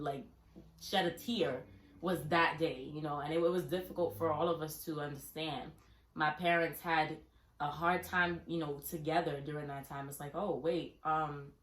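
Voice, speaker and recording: Animated woman in an echoey room. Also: sits low. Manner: animated, acts out her younger self in quoted questions. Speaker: vlogger telling a family story. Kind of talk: casual storytelling.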